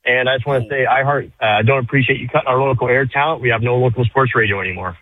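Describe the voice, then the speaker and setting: A male caller complains bluntly and talks fast, his voice at an ordinary middle pitch. It reaches the studio over a tinny phone line. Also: slightly rough, dry recording.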